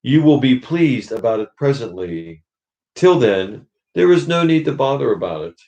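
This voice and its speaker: A man reading aloud and voicing a gentle, patient bright spirit from a storybook. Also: mid-range voice, big pitch swings, normal speed, dull audio, pitched above the performer's own voice. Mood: calm.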